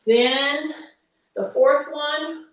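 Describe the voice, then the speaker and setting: A woman with a high voice leads a workout, coaching in an unhurried, chatty way with the odd teasing aside. She sounds some way off from the mic in a very echoey room. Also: distant mic. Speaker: fitness instructor. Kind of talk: workout instruction.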